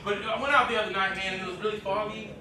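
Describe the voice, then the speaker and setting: A man's voice: high voice, steady tone, very fast. A man joking playfully with the crowd during stage banter at a live poetry show. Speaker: slam poet performer. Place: indoor stage at a live venue. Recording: echoey hall from far off with crowd.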